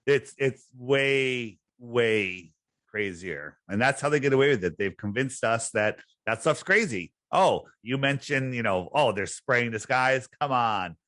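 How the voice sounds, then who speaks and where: A man's voice: medium pitch, lively intonation, unhurried, fairly bright tone, no room sound. A man hosting a podcast chat, talking in an emphatic, incredulous and sarcastic way. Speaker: host.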